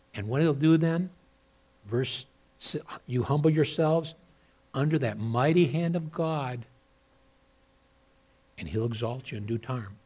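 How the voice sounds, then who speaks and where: A man preaching a sermon as a pastor, moving between loud, emphatic exhortation and quieter personal storytelling with repeated words. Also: medium pitch, breathy edge. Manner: repeats and restarts words when telling a story.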